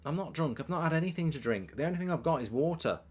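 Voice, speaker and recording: A man's voice: fairly high pitch, lively intonation, quick pace, darkish tone, husky. A man hosting a football watchalong, rambling and joking while reading out viewer comments. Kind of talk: casual livestream chat, reading comments.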